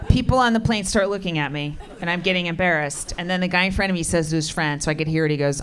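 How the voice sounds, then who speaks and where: A middle-aged woman performing stand-up comedy on a club stage, with deadpan, brash, swearing punchlines. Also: fairly low pitch, a little fast. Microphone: handheld stage mic. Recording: live club recording with loud crowd. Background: audience laughter.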